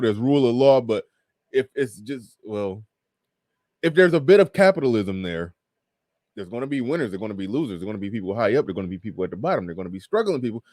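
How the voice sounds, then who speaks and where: This livestream host has a medium-pitched, darkish voice, recorded clean in the studio with no echo. He reads viewers' super chats aloud, riffs on them casually, laughs often and drifts off mid-thought.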